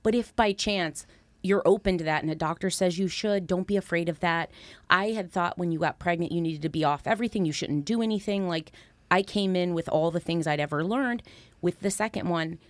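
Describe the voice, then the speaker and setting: A woman's voice: lowish voice, brisk, no echo. A woman in her thirties, a guest talking candidly and earnestly in casual conversation. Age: 30s. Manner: earnest, animated when recounting, lively laughter.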